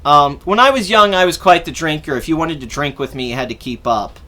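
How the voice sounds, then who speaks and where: A young man with a high, bright voice tells a long story on his podcast. He rambles through it casually, swears freely and acts out what people said along the way. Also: fairly quick. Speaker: podcast host.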